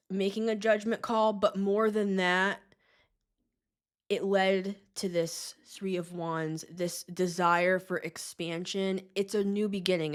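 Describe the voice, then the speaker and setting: A woman hosting her own show, giving a casual tarot reading to camera in a chatty, excitable, slangy way with frequent laughs. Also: on the low side. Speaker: tarot reader and show host.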